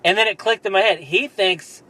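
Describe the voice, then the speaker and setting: A man's voice: sits high, moderate pace, bright, forceful tone, poor audio. A young man casually telling a story on a podcast, rambling, laughing often and acting out what people said. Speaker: podcast co-host.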